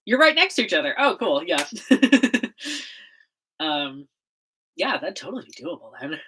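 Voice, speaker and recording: A young woman from the States hosts a relaxed livestream from home, talking straight into her computer mic. She is bubbly and giggly, scattering fillers and little laughs through every thought. Her fairly low voice swings widely in pitch as she chats. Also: measured pace, slightly rough. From United States. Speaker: livestream host. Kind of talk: casual livestream chat.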